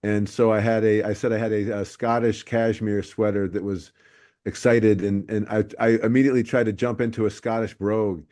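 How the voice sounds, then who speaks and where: A man's voice: fairly low pitch, little pitch movement, fairly quick, a little mellow. A man from Ohio hosting a casual podcast, talking in a loose, rambling way. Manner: rambling, many fillers and restarts. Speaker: podcast host, stand-up comic.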